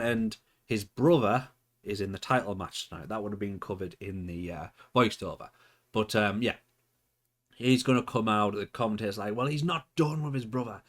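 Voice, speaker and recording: A man with a low voice talks through his wrestling management game. He is chatty and playful, pausing to think aloud about his choices and laughing at himself. The delivery is unscripted let's-play commentary. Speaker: gaming channel host.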